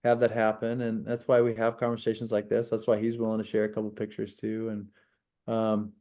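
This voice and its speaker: A man's voice: fairly low pitch, completely flat delivery, fairly quick, mellow. A man hosting a safety talk over a video call, thanking a guest in an easygoing, slightly rambling way. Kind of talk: casual moderating.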